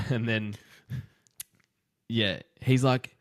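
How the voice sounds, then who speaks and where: Man, low voice, dry close sound, casual show recap, acts out scenes. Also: no echo. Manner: animated, acts out scenes in quick quoted voices. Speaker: podcast co-host.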